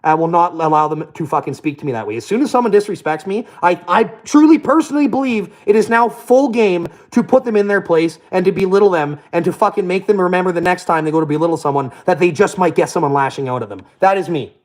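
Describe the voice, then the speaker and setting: A man's voice: high voice, fast talker, few pauses, darkish tone. A young man telling profane, boastful stories in a casual rant.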